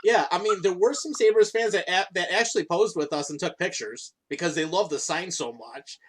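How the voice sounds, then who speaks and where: A man's voice: high-pitched, moderate pace, slightly rough. A man co-hosting a podcast, telling stories in casual chat and laughing often. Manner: laughs often, relaxed storytelling. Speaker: podcast co-host.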